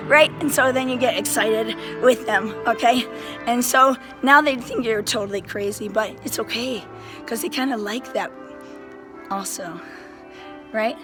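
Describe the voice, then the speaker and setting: Excited band teacher lady, slightly high voice, keeps going "right?", a bit under the weather. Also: unhurried, over music. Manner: animated, enthusiastic, keeps checking in with "right?" and "okay?". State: a little sick. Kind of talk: casual how-to lesson to camera. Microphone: handheld phone.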